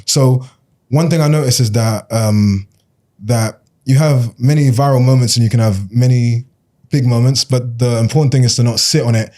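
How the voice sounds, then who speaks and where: A man on a podcast, telling stories in rapid slangy chat and tagging lines with "bruv". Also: medium pitch, steady tone, dark tone. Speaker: podcast guest.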